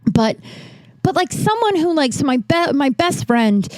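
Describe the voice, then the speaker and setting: A woman's voice: high voice, normal speed, no room sound. Chatty woman host, dry close sound. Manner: animated, frequent restarts and fillers, swears when heated. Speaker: podcast host. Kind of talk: casual monologue. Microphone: podcast mic, also filmed for video.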